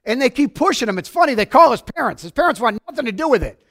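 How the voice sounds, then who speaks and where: Male preacher, high voice, excitable, loud-to-soft sermon delivery. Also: quick pace. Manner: excitable, shouts then drops to quiet. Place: church sanctuary.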